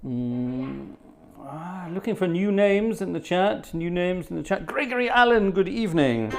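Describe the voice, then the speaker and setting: A man's voice: sits high, lively intonation, a little slow, gravelly. A man hosting a live stream from his home organ studio, chatting cheerfully and reading out names from the chat. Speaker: livestream host and organist. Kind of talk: casual live-stream chat, greeting viewers.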